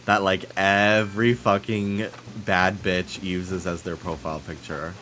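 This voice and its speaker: A man's voice: low voice, flat delivery, unhurried, bright, forceful tone, a little hiss or hum. A man with a stuffy nose chatting casually and rambling as he streams a game, swearing freely.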